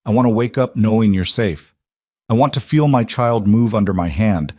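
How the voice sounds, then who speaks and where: A possessive, intense young mafia boss giving orders with controlled force, as a man reads him. His low voice is dry and close. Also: normal speed, mellow, dry recording, natural voice. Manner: intense, commanding.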